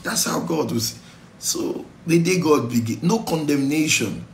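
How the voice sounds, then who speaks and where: A man's voice: fairly high pitch, animated, measured pace, creaky, roomy sound, slight background noise, rough recording. A Nigerian-accented male pastor teaching a Bible study sermon in an exhortative way, slipping into pidgin asides. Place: church.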